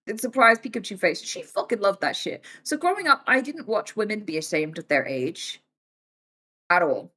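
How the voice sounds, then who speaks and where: A woman in her thirties talks straight to her stream viewers in a loose, chatty way. She swears freely and keeps her voice lively, even slipping into other people's voices to act out what they said. Her pitch sits in the middle of the range. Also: normal speed. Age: 30s. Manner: animated and swearing, acts out quoted voices. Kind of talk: casual live-stream chat.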